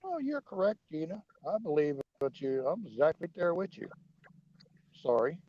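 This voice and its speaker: A man on a livestream rants and argues with his viewers, swearing hard at every turn. His voice sits a little high. The sound is dry and muffled, like cheap stream audio. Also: big pitch swings, normal speed, no room sound. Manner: profane, angry, argumentative. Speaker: livestream host. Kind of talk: heated livestream rant.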